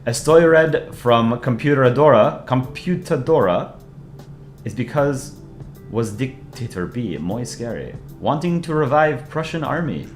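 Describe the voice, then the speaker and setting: A man reading out a cartoon country character in a deliberately silly, exaggerated mock Spanish accent, drawing out his words slowly. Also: mid-range voice, lively intonation, faint music behind, close to an everyday voice.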